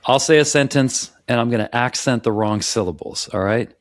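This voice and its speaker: Here the American co-host speaks at medium pitch and moderate pace with few pauses, recorded dry. In casual podcast talk about rhythm, he demonstrates by counting beats and vocalizing patterns, often restarting his sentences.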